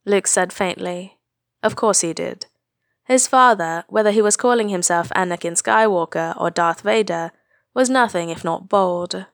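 A woman narrating a fan fiction story aloud, reading in a brisk, expressive way. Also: on the low side, dry recording, clean studio sound.

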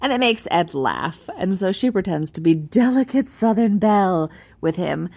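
A woman casually reading a fan-written post aloud, amused and expressive. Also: fairly low pitch, moderate pace. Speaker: reader.

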